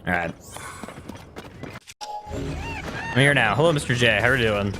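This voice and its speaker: A man's voice: mid-range voice, very animated, unhurried. Young male streamer, casual and jokey, mid-range voice, game music playing under him. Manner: joking, chuckles often, talks to chat. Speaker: live-streaming gamer. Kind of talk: casual live-stream chat while playing.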